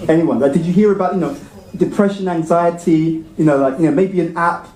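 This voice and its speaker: A man's voice: fairly high pitch, brisk, a little mellow. A man giving a conversational sermon at a temple class, often asking his audience questions. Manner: engaging, asks the audience frequent questions. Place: temple hall. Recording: echoey hall.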